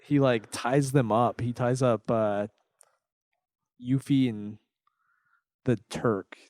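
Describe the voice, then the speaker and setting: A man's voice: mid-range voice, steady tone, slow, a little mellow, no room sound. Dry, sarcastic man recapping a game. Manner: walks through the plot, dry sarcasm. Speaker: podcast co-host. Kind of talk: casual game review chat.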